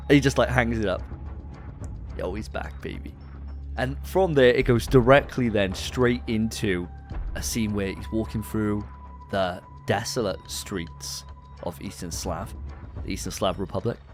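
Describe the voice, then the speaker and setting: Man, podcast co-host, lively retelling, swears a lot, faint music behind. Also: fairly low pitch. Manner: animated storyteller, sweary, acts out scenes. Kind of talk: casual film review discussion.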